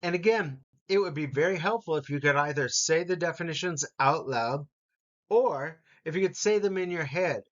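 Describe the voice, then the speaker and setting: A man teaching English vocabulary, repeating each word slowly and stressing its syllables for learners to copy. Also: fairly high pitch, fairly bright tone, highs cut off. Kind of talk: slow, deliberate pronunciation lesson.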